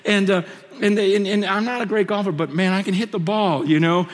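Male preacher, fairly high voice, impassioned storyteller with lots of repeats, big hall with long reverb. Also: steady tone, brisk. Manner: impassioned, repeats himself, swings between loud and hushed. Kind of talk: sermon storytelling. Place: on a stage in a large hall.

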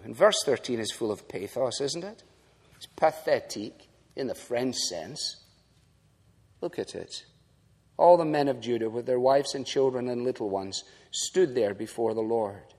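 A man's voice: medium pitch, a little mellow, big-room sound. An older man preaching a sermon as pastor, emphatic and repeating lines for effect.

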